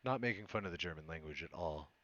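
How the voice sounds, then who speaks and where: A man's voice: low-pitched, lively intonation, fast talker, sharp tone, dull audio. A young man casually commenting on a game he is playing live, joking around and swearing freely. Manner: laid-back, joking, swears, frequent laughs. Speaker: streamer.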